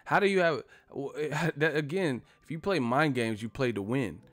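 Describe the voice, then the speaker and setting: A male host chats casually on a live stream in a mid-pitched voice. He rambles, swears freely and laughs at his own jokes. The sound is dry and close, with faint music playing underneath. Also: moderate pace, no room sound. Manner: profane, rambling, laughs often.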